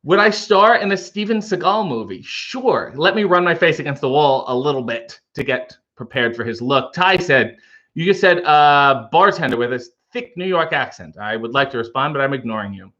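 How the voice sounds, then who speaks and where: A man with a slightly high voice hosts a relaxed livestream, making coffee while he reads viewers' comments aloud. His delivery is playful, full of wry little asides. The recording sounds dull and lo-fi. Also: moderate pace. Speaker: livestream host reading chat. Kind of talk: casual livestream chat.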